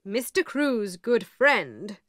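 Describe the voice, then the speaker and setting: A woman voicing a calm, blunt male lawyer who speaks in a measured, matter-of-fact way. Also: fairly high pitch, no echo, clean studio sound, exaggerated voice.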